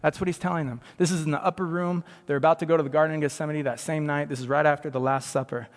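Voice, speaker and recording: Slightly high-voiced man preaching in a hall. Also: fairly even intonation, rapid-fire. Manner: conversational preaching that swings from hushed to loud and emphatic. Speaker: pastor. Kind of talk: sermon.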